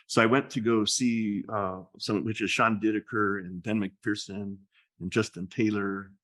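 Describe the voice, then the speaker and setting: A man speaking as a guest in a casual interview. He talks haltingly, repeats his words and laughs easily. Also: lowish voice, steady tone, a bit bright. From United States. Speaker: gallery owner, guest.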